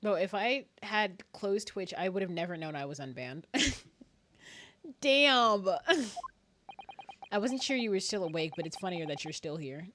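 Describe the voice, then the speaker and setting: A woman streamer giving live gameplay commentary, excitable, laughing often and swearing freely. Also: fairly low pitch, unhurried, long pauses. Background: game music.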